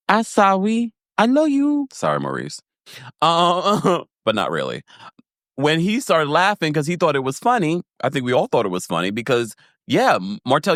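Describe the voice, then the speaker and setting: A man giving a casual, animated recap of a reality show, laughing often and acting out quotes in a higher voice. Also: no room sound, studio quality. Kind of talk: casual commentary.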